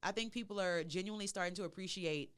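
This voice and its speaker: A woman who works as an emcee and in radio, a guest chatting casually and affirming the host, with lively jumps in pitch. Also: fast, clean tone. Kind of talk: casual chat.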